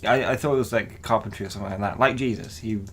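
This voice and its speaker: A man co-hosting a casual comedy podcast, thinking out loud with lots of hesitant restarts. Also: lowish voice, quick pace, crowd noise. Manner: rambling, hesitant, restarts often. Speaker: podcast co-host.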